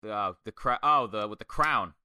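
A man casually reviewing a wrestling match, excitable and swearing often, acting out lines in quoted voices. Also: fairly low pitch, moderate pace, smooth. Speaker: podcast co-host.

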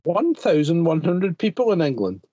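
A man's voice: on the high side, very animated, moderate pace, mellow, dry recording, highs cut off. A man co-hosting a casual podcast chat, blunt and teasing, swearing often. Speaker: podcast co-host.

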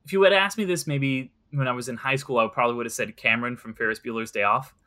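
A man's voice: mid-range voice, steady tone, quick pace, bright, forceful tone. A young man in casual conversation about movies, rambling and earnest, with many fillers.

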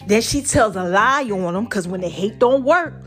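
A woman's voice: mid-range voice, expressive, moderate pace, fairly bright tone, soft background music. Chatty woman preaching a story. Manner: chatty, keeps asking "right?". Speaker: podcast host. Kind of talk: casual sermon-style storytelling.

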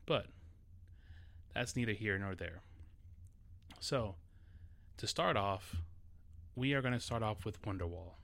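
A man's voice: fairly low pitch, animated, slow, creaky, long pauses, fairly bright tone. Nervous, casual man hosting a podcast. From New York City. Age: adult. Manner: casual and a bit nervous, with restarts. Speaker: podcast host. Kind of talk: solo podcast talk.

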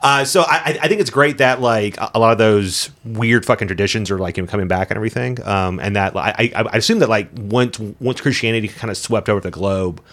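Low-voiced joking guy. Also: fairly bright tone. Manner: joking, swears casually, halting restarts. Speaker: podcast co-host. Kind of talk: casual chat.

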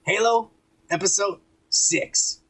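A man hosting a podcast in casual chat, retelling scenes in a profane, animated way. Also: high voice, slow pace, rough recording. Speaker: podcast host.

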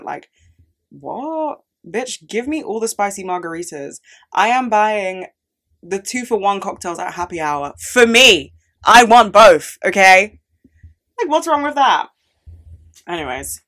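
A young woman in her early twenties hosts a solo podcast in a low, slightly bright voice. She chats casually, swears often and rants with dramatic outbursts.

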